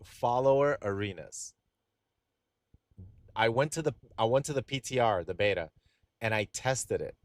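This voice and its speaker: Excitable young male streamer. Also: lowish voice, brisk, no room sound. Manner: excitable, rambling, talks straight to chat. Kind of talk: casual live-stream chat.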